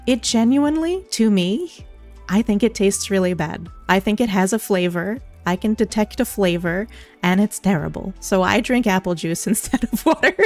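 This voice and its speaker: A woman's voice: medium pitch, darkish tone. A young woman VTuber casually answering viewer questions on a livestream, bubbly and giggly, on a studio condenser mic. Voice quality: giggly, bubbly, self-deprecating. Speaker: VTuber streamer.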